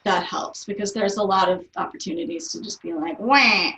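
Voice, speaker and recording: A woman's voice: lowish voice, steady tone, brisk. A young adult woman chatting as an interview guest, laughing often and using lots of fillers. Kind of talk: casual interview chat. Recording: roomy, distant from the mic.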